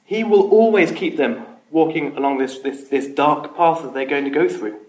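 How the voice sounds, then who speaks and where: A man's voice: fairly high pitch, moderate pace. A man leading an informal Bible study, earnest, often repeating words and putting questions to the group. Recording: echoey room, faint noise.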